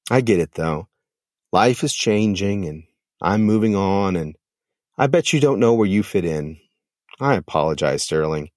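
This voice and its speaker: A man voicing a gentle, sincere newlywed male turtle who talks in an earnest, reassuring way. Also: on the low side, no room sound, clean studio sound.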